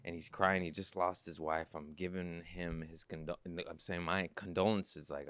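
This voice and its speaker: A man's voice: sits low, fairly even intonation, moderate pace, fairly bright tone, smooth, no echo. A man hosting a podcast, telling a family story in a joking, storytelling way and laughing often. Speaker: podcast host. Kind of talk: casual comedic chat.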